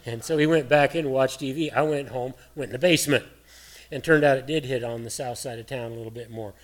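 A middle-aged man preaching a sermon in a folksy, earnest, conversational way, his voice hoarse and cracking. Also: medium pitch, quick pace. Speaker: pastor.

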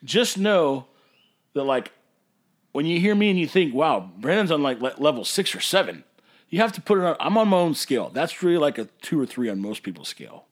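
A man's voice: a little high, sing-song, fairly quick. A man, a brewery owner hosting a podcast, ranting in an emphatic, passionate way that sometimes turns to hollering. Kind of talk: casual ranting monologue.

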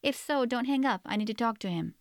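A woman voicing a chatty, fussy mother who brushes off worries in a brisk manner. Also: a little high, expressive, no echo, clean studio sound, voice pushed up. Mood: calling out.

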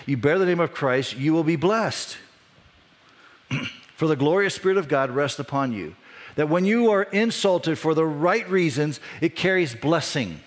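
A middle-aged man preaches a sermon in a relaxed, conversational way, telling stories from his own church life. His voice climbs and gets louder when he makes a point, then drops soft and low when he reflects. He sits at an ordinary middle pitch for a man. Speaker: pastor.

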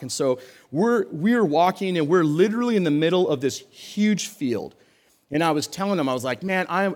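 Young guy pastor preaching casually, pitch a bit up, tells stories and acts out the lines. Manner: animated storyteller acting out quoted dialogue, frequent fillers and laughs. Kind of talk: conversational sermon with storytelling.

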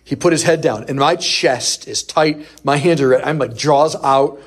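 A husky-voiced male priest preaching to a group. He tells a personal story in a lively way, acting out the voices of the people in it, in a mid-pitched voice. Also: moderate pace. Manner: animated storyteller who acts out quoted voices. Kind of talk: sermon storytelling.

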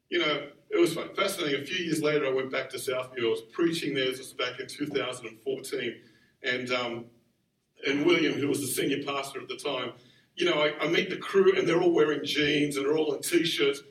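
A man preaching a sermon in a conversational, animated way, acting out the quotes he tells. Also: medium pitch, brisk. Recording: roomy sound from far off the mic.

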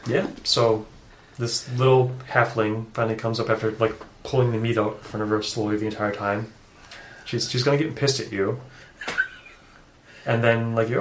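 A man's voice: fairly low pitch, little pitch movement, fairly quick, a little hiss or hum. A man narrating as dungeon master in a casual, rambling way. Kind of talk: narrating a tabletop game. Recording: echoey room.

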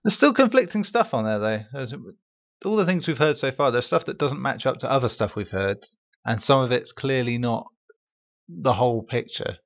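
A man's voice: mid-range voice, lively intonation, moderate pace, lo-fi sound. A man co-hosting a gaming podcast, giving blunt, opinionated takes in casual chat. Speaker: podcast co-host.

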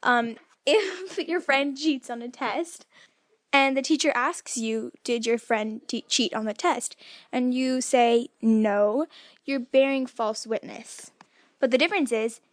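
A woman's voice: high-pitched, no echo, studio quality. A woman co-hosting a faith podcast, chatty and casual, giving simple examples and laughing lightly. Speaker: podcast co-host.

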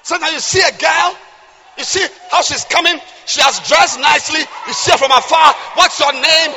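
High, bright, shouting male preacher. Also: moderate pace, a faint crowd. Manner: animated, shouting, comic asides. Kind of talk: sermon.

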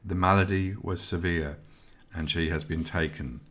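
A grave old village healer delivers bad news softly and evenly, as a man reads her. Her speech is hushed and measured. The voice sits very low. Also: fairly even intonation. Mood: solemn. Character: eldest old healer woman, solemn, sad.

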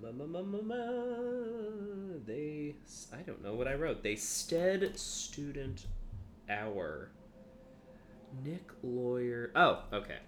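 A man's voice: a little high, sing-song, takes it slowly, roomy sound, a little hiss or hum. A young man co-hosting a podcast, chatting casually in a rambling, joking way with lots of swearing. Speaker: podcast co-host. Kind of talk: casual chat.

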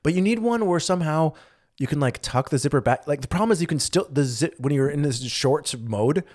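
A man's voice: on the high side, animated, brisk, a little mellow. Male podcast co-host, casual, rambling with lots of fillers. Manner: rambling, filler-heavy, restarts often. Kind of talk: casual chat.

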